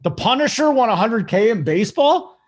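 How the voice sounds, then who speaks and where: A man hosting a casual sports betting show, hyped and joking as he gives shout-outs. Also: very high voice, very animated, a little fast. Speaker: show host.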